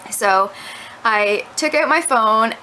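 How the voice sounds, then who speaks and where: A woman's voice: on the high side, expressive, takes it slowly, pushed and bright, slight background noise, poor audio. A young woman telling a rambling story to her camera at home, full of "like" fillers. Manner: chatty, rambling, lots of "like" fillers. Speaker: vlogger. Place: at home indoors. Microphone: camera mic.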